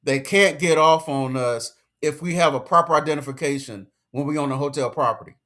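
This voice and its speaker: A man with a fairly high voice delivering an emphatic, slangy commentary rant. He lectures his listeners and hammers each point home by repeating it. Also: a little fast, sharp tone. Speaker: commentary vlogger.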